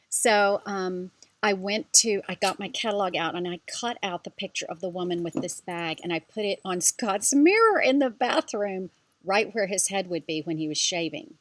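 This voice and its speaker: A middle-aged woman vlogger talks casually to her camera, chatty and animated as she tells her story. Her voice sits a little low for a woman. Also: no room sound. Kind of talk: casual handbag review vlog.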